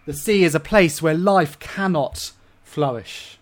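Expressive English preacher delivering a sermon. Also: male voice, fairly high pitch, a little slow. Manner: expressive, swings between loud emphasis and hushed asides.

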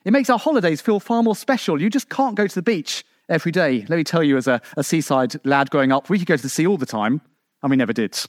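An English preacher delivers his sermon in a bright, high voice that leaps and falls, climbing to emphatic peaks and sinking to quiet lows. He talks conversationally, full of asides and rhetorical questions. The sound is dry and close, with no room echo. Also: fast. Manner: animated, rising to emphatic peaks then dropping low.

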